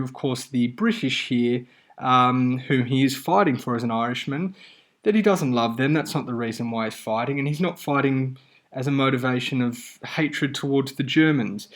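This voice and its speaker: A man teaching a lesson on a poem, in a measured, explanatory way with occasional fillers. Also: medium pitch. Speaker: English teacher. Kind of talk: lecture on a poem.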